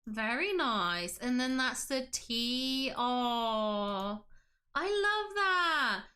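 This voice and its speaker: A woman's voice: fairly high pitch, lively intonation, extremely slow, pushed and bright. A woman hosting a casual livestream, gushing with enthusiasm and reading chat aloud. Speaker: livestream host.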